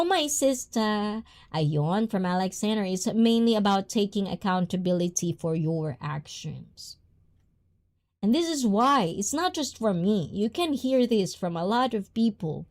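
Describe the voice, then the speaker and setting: A woman's voice: mid-range voice, big pitch swings, measured pace, a little mellow. A woman livestream host, not a native English speaker, talking bluntly and reading viewer comments aloud. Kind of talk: casual talk with chat.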